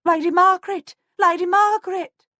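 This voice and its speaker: A woman voicing a frightened young serving woman who screams high, urgent pleas. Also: fairly even intonation, normal speed, bright, forceful tone, no echo, studio quality. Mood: panicked.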